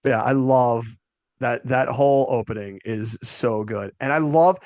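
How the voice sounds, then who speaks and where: A young man co-hosting a casual movie podcast, chatting eagerly and breaking into laughter as he recalls jokes. His voice sits at an everyday middle pitch, close to the mic in a dry, dead-sounding space. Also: unhurried, darkish tone, no room sound. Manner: enthusiastic, laughs while retelling jokes. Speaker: podcast co-host. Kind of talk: casual movie review chat.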